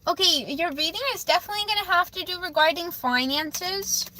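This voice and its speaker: A woman's voice: extremely high pitch, fairly quick, bright, forceful tone, a little hiss or hum, rough recording. A young woman live-streaming a tarot reading, speaking emotionally, stammering and repeating herself. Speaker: livestreamer giving tarot readings.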